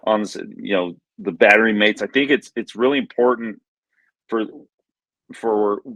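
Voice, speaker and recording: A man recalling old games in a loose, stop-and-start way, often circling back mid-sentence. His voice is on the low side, and it is captured close and dry. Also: a bit bright, dry recording, poor audio. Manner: halting, many restarts, reminiscing. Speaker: podcast co-host. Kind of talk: casual sports chat.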